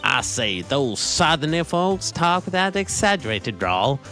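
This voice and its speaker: A man's voice: on the high side, sing-song, unhurried, pushed and bright, faint music behind, voice pushed up, exaggerated voice. A man voicing a brash young woman photographer with a Southern accent, talking in a sassy, bossy drawl while reading game dialogue. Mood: feisty. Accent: American Southern.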